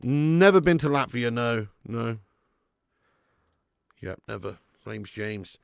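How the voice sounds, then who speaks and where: Excitable football streamer. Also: male voice, medium pitch, slow pace, gravelly, clean tone, dry recording, studio quality. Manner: excitable, jokey, banter with chat. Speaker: live stream host. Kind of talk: football watch-along commentary.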